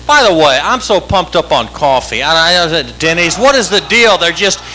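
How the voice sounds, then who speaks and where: Guy doing standup, wired and bouncy, high swoopy voice, real bright tone. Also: animated, poor audio. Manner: hyper, rapid-fire repetitive chanting. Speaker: stand-up comedian. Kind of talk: stand-up comedy routine. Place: club stage with live audience.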